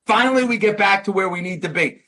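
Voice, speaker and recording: Man, high bright voice, podcast storyteller who acts out quoted dialogue. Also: quick pace. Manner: animated anecdote-teller, acts out quoted dialogue. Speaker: podcast co-host or guest. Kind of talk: casual storytelling.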